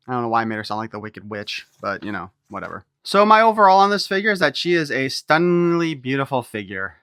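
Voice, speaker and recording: A man's voice: medium pitch, big pitch swings, fast, hardly any pauses, sharp tone, clean tone, no echo, studio quality. Wisecracking man reviewing a toy. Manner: wisecracking, irreverent asides. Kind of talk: casual unboxing review.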